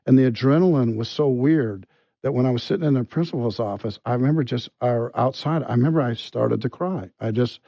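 Mellow-voiced man telling a story haltingly. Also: medium pitch, dry recording. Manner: halting, full of restarts and quiet asides. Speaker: guest. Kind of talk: conversational storytelling.

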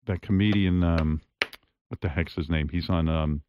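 A man's voice: sits low, moderate pace, highs cut off, slight background noise. A man hosting a talk show, chatting casually and telling jokey stories to his guest. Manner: joking, animated storyteller. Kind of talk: casual chat.

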